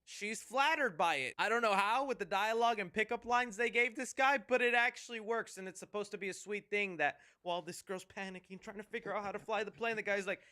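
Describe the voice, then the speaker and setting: A man's voice: high voice, fairly quick, hardly any pauses, bright, forceful tone. A man giving a sarcastic, joking movie review commentary.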